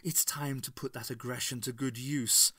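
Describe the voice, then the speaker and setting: A man's voice: mid-range voice, fairly even intonation, moderate pace, pushed and bright, husky, dry recording. A man voicing a gloating possessed villainess. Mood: cruel. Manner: sneering, exultant. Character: possessed villainous woman ruler, cruel and gloating.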